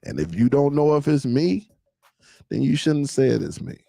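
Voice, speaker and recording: A man's voice: medium pitch, very animated, moderate pace, creaky, dark tone, dry recording. A man hosting a casual live-stream show, talking loosely to his viewers and laughing often.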